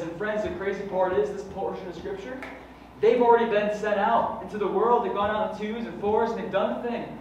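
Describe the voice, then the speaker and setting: A man's voice: sits high, steady tone, a little fast, a little mellow. A man pastor preaching a sermon, fervent and conversational, with many rhetorical questions. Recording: echoey hall from far off, dull and faintly noisy.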